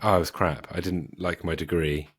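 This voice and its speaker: Deep-voiced southern English man. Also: fairly even intonation, moderate pace, breathy edge, no echo. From Wiltshire, England. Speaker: podcast host. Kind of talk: casual podcast chat.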